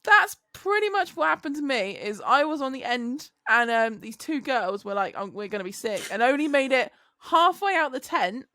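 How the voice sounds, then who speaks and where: A woman's voice: high-pitched, big pitch swings, normal speed, hardly any pauses, bright, forceful tone, dry recording. A tired woman co-hosting a podcast, telling stories in casual chat and laughing often. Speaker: podcast co-host.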